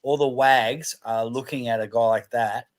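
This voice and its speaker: Aussie guy in a chat, animated, loves doing little impressions. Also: medium pitch, moderate pace. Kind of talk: casual chat.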